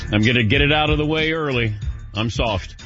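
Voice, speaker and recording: A man's voice: mid-range voice, brisk, fairly bright tone, lo-fi sound, soft background music. Self-deprecating man telling a story. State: lightheaded. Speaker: sports radio host. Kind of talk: casual chat, storytelling.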